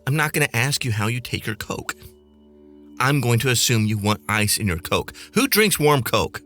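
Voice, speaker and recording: A man's voice: medium pitch, sharp tone. A man hosting a podcast, ranting in a snarky, profane, sarcastic way. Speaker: podcast host and flight attendant. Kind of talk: comedic rant.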